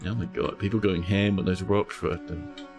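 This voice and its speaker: A man's voice: sits low, steady tone, moderate pace, music in the background. A man with a New Zealand accent, casually commentating his game stream with playful, mock-dramatic teasing and a soothing voice.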